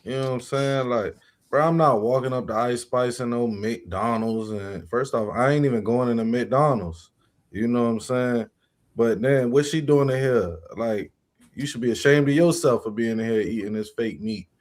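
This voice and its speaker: A man's voice: medium pitch, moderate pace. A man on a talk show panel, giving slangy, rambling opinions with lots of "you know what I'm saying". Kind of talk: casual talk show commentary.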